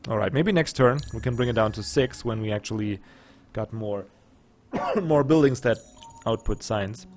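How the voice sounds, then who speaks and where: A man's voice: fairly low pitch, normal speed, a little mellow, soft background music. A man with a German accent, casually commenting on a strategy game and thinking aloud with muttered asides. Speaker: let's play gamer.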